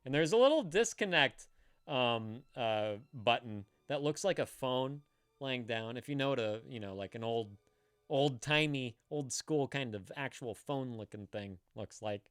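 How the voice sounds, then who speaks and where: A man hosting a live stream, chatting casually in a rambling way with halting restarts and frequent laughs. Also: mid-range voice, animated, a bit bright, smooth, no room sound. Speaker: streamer host.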